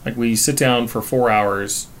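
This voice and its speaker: A man's voice: medium pitch, steady tone, measured pace, a little hiss or hum. A Canadian man co-hosting a casual chat about recording cover songs, rambling with fillers and restarts. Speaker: podcast co-host.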